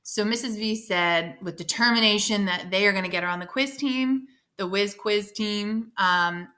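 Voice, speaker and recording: A woman teacher of fifth graders giving instructions and reading a novel aloud to her class, encouraging and instructive, with quick asides. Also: medium pitch, sharp tone.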